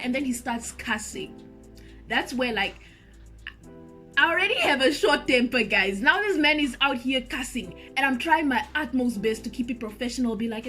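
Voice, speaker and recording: A woman telling a story to her viewers in a lively, animated vlog, speaking straight to the audience. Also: a little high, moderate pace, soft background music. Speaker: vlogger and singer.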